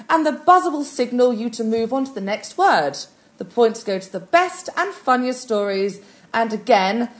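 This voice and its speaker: A woman hosting a comedy panel game on student radio, announcing rounds and scores briskly. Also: a little high. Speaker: quiz host. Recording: noisy student radio recording.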